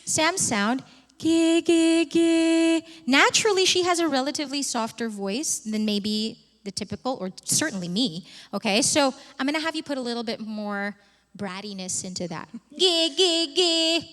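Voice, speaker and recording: A woman vocal coach leading a live workshop, energetic and breaking into short sung phrases to demonstrate. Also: a little high, moderate pace. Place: large hall with live audience. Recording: reverberant hall.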